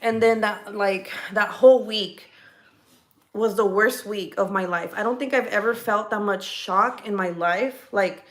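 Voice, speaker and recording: A woman's voice: mid-range voice, steady tone, measured pace. A woman chatting casually at home, telling a personal story with lots of fillers, restarts and swearing. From California. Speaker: livestream host. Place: home kitchen.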